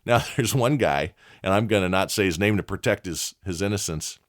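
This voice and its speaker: A man's voice: low voice, normal speed. A man hosting a leadership podcast, telling a candid, folksy story and chuckling often. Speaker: podcast host.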